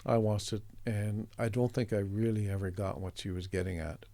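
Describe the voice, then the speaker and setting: A middle-aged man from Canada, an artist guest telling a story in a chatty, relaxed way, acting out the voices of the people in it. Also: on the low side, normal speed. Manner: chatty, acts out quoted voices, chuckles often.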